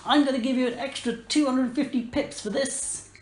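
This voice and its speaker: A woman voicing an excited kitten mayor in a tabletop game, gushing with praise. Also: high voice, moderate pace, pitched above the performer's own voice, natural voice. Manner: gushing, effusive. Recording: echoey room, faint noise.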